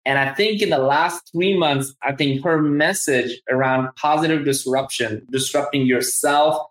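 A man's voice: mid-range voice, measured pace, fairly bright tone. A man with a Southern accent hosting a live interview over a video call, enthusiastic and rambling, with many restarts. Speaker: podcast host. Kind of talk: casual live-stream interview. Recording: roomy, echoey room sound.

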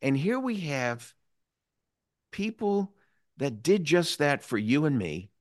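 A male interview host speaks in a lively, expressive voice that rises and falls, telling his points with reflective feeling. The sound is close and dry. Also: fairly high pitch, slow pace, no room sound. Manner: reflective, emotional storytelling. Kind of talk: political interview.

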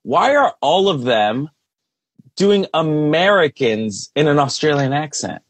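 A man co-hosting a podcast in casual chat, talking in a blunt, animated way with a lot of cussing. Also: fairly high pitch, slow. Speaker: podcast co-host.

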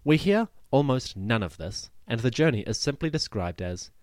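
A man hosting a history podcast, narrating from a script in a lively storytelling way with wry asides. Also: mid-range voice, moderate pace, no echo, clean studio sound.

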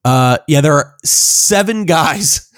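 A man's voice: fairly high pitch, expressive, slow, no room sound, studio quality. A man co-hosting a casual sports podcast, talking hesitantly with many fillers and laughing easily. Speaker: podcast co-host.

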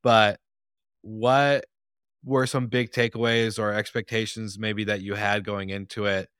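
A man's voice: fairly low pitch, flat delivery, a little slow, fairly bright tone, clean tone, no echo, clean studio sound. A young man hosting a podcast, asking long, loose, friendly questions. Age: young adult. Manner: friendly, rambling questions with fillers. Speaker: podcast host. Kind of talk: casual podcast interview.

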